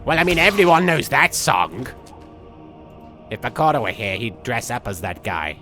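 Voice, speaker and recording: A man's voice: medium pitch, big pitch swings, moderate pace, bright, forceful tone, soft background music. A man playing a manic, childish villain who rambles and jumps between jokes while streaming a game, sniffling from a cold. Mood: giddy rambling. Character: manic goofy male villain, childish and gleeful. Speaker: livestream gamer. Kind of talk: live game-stream commentary in character.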